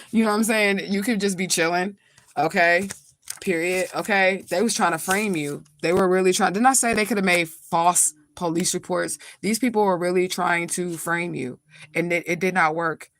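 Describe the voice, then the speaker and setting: A woman's voice: fairly low pitch, fairly even intonation, moderate pace, a bit bright, dry recording. A woman from St. Louis, a spiritual reader telling a story in a casual livestream, blunt, profane and rambling. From St. Louis, USA.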